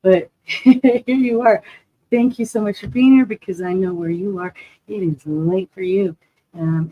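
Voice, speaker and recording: A woman's voice: on the low side, mellow, rough recording. A woman hosting a casual livestream, bubbly and chatty, greeting viewers by name and laughing often. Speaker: livestream host. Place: hot room at home.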